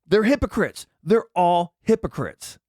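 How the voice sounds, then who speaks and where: A man's voice: high voice, very animated, measured pace, darkish tone, dry recording. A man hosting an angry political commentary, reading out items and mocking them with indignant rants. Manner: indignant ranting, reads out items and mocks them. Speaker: commentary channel host.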